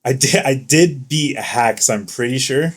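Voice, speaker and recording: A man's voice: mid-range voice, unhurried, breathy edge. Profane, laughing young man telling stories. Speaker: podcast co-host. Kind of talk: casual chat.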